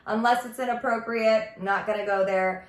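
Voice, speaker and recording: A ministry vlogger shares her personal testimony in a casual vlog, chatty, earnest and confiding, with "like" running through her sentences. Her voice is on the high side with fairly even intonation, and she speaks a little fast. The room is echoey.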